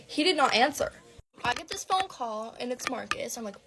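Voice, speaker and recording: A woman's voice: a little high, sing-song, moderate pace, fairly bright tone, faint music behind. A young woman telling a dramatic personal story in a breathless, gossipy way, swearing freely.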